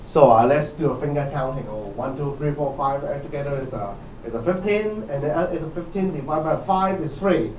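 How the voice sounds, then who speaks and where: A man with a slightly high voice lectures on programming at a brisk clip, barely pausing. The university lecturer is repetitive, asks his students questions and leans heavily on "okay?" Background noise and the echo of a lecture hall come through a distantly placed mic.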